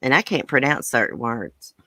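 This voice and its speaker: Older woman, Southern country accent, bright and forceful, dry room, casual livestream chat. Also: a bass voice, expressive, normal speed, no echo. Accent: American Southern. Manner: chatty, reads viewer comments aloud. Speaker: livestream host.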